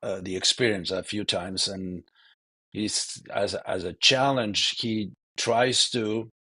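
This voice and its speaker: A man's voice: fairly low pitch, steady tone, slow pace, sharp tone, no echo. A man giving a devotional scripture lecture in a loose, conversational way, often saying "you know". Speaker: scripture class speaker.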